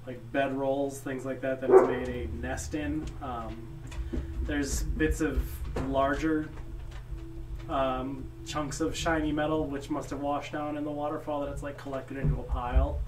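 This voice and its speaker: A man narrating a tabletop game as game master, describing the scene haltingly with many ums. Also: medium pitch, little pitch movement, reverberant. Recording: distant mic, loud background noise.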